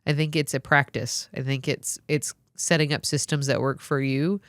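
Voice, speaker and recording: A physician assistant with a mid-range voice chats casually on a podcast. They sound friendly and affirming and slip in quick asides. The recording is dry and close. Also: medium pitch, fairly even intonation, a bit bright, clear, resonant tone, dry recording.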